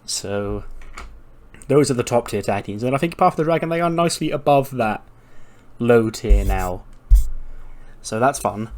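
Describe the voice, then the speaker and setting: A man with a mid-range voice talks through a game session in a relaxed, chatty way. He recaps what happens scene by scene and chuckles often as he goes. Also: mid-range voice, moderate pace, pauses often, soft background music. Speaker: video game commentator. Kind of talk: casual let's-play narration.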